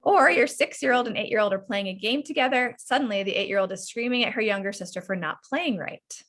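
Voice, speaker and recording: Bright-voiced woman coach on a video call. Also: fairly high pitch, fairly quick. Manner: animated, frequently acts out parent and child lines. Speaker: parenting coach leading a workshop. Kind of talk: online workshop teaching.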